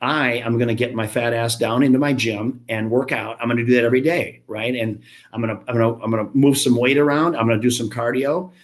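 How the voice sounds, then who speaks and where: Speaking fast in a steady, mid-range voice, a fifty-something gym franchise founder appears as a guest on a casual podcast. His stories are blunt, chatty and self-mocking.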